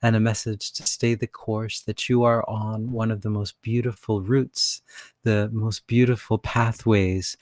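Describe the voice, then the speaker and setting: A gentle mermaid spirit speaks as "we" in a slow, calm, low voice, channeled by a man. The delivery repeats itself softly. The sound is dry and close. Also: dry recording, lightly acted. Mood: serene.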